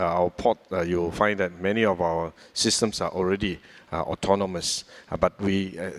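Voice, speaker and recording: Low-voiced Singaporean man, halting. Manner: measured, many hesitations. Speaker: government minister answering questions. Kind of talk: fireside chat Q&A.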